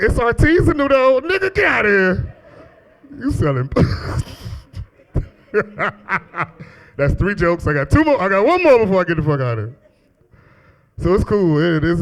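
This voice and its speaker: A man in his thirties with a deep voice, doing a profane, animated stand-up comedy set on a club stage into a handheld mic. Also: low-quality recording. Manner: profane, animated storytelling with exaggerated quoted voices.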